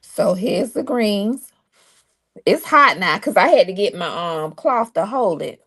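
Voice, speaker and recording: A woman's voice: medium pitch, lively intonation, unhurried, a bit bright, no echo. A woman guest in a casual stream chat, sassy and folksy, showing home-canned greens.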